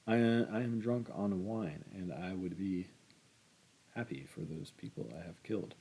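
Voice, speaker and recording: A man voicing a drunk, self-pitying middle-aged man in a read-aloud novel, slow and heavy. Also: low voice, mellow, slight background noise, low-quality recording. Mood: maudlin.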